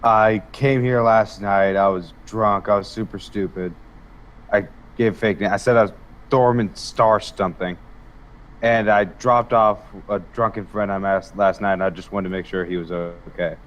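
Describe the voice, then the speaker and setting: A man's voice: lowish voice, fairly even intonation, moderate pace, lo-fi sound, close to an everyday voice. A man voicing a sheepish, hungover male adventurer who rambles apologetically in a tabletop game.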